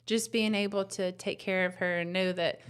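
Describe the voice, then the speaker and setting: A young woman, telling her story as a new mother in a soft, tender, rambling way. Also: mid-range voice, fairly even intonation, moderate pace, smooth. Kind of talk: casual personal testimony.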